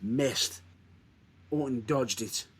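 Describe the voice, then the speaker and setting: A man co-hosting a casual podcast chat, retelling events in an excitable, animated way. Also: mid-range voice, extremely slow, slightly rough. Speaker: podcast co-host.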